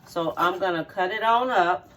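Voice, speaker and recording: At normal speed and in a fairly bright voice on the low side, a middle-aged woman demonstrates cooking casually in her home kitchen, with slight background noise. As host of her channel, she's homey, goes over steps repeatedly and checks in with "okay?"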